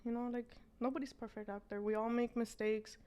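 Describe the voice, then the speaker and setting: A woman's voice: fairly high pitch, steady tone, brisk, warm tone. A woman, a business owner telling her story as an interview guest and switching between English and Spanish.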